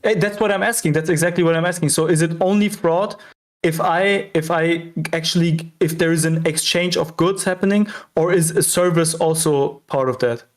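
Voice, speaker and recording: A male guest on an online call who keeps pressing his point, asking each question twice over. He hesitates and restarts, and his voice is slightly higher than average. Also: steady tone, moderate pace. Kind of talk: casual debate.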